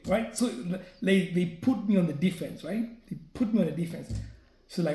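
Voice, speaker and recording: A man's voice: high voice, normal speed, mellow. A man vlogging, telling a personal story in a casual, chatty way and often checking in with "right?". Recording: echoey room.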